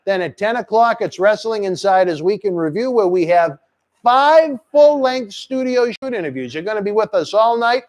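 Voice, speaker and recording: A man's voice: high-pitched, lively intonation, normal speed. A man hosting a live wrestling chat stream, rattling off promotions and crude jokes. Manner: brash promotional patter and crude teasing. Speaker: host.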